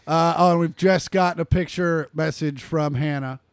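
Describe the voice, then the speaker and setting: A man's voice: a little high, steady tone, normal speed, smooth, no room sound. A man co-hosting a comedy podcast, chatting casually, loose and profane, laughing often. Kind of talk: casual chat.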